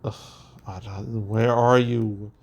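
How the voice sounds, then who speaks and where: A man's voice: on the low side, fairly even intonation, takes it slowly, vocal fry, darkish tone, husky. A young man hosting a casual commentary, reading audience reviews aloud with fillers, stray hums and chuckles. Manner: rambling, chuckling, filler-heavy. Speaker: host.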